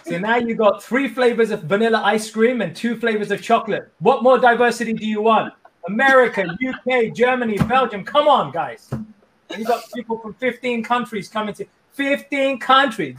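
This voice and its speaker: A man guests on a podcast and keeps cracking jokes in an energetic, playful flow. His voice runs fairly high for a man. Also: normal speed. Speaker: coach and guest. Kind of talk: casual interview chat.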